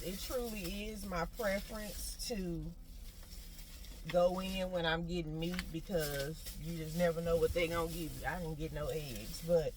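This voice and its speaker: A woman, vlogging in a blunt, profane, animated rant. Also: on the low side, background noise. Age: 40s. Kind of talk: casual ranting chat.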